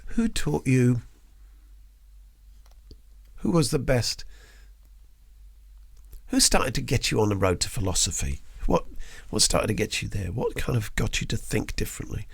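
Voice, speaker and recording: A middle-aged man hosting a casual interview, telling lively stories, swearing casually and acting out the people in them. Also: mid-range voice, a little slow, vocal fry, long pauses, slightly rough, no room sound. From England. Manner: animated storyteller, swears casually, acts out quoted voices. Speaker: podcast host.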